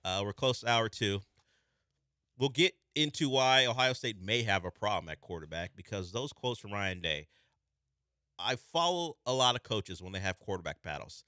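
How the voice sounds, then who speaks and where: A young man hosts sports talk radio in loose, animated banter, his voice sitting low but leaping around in pitch. The tone is bright and forward. The studio sound is dry and close. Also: moderate pace, no echo. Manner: animated, breaks into a squeaky voice when mimicking. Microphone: studio microphone.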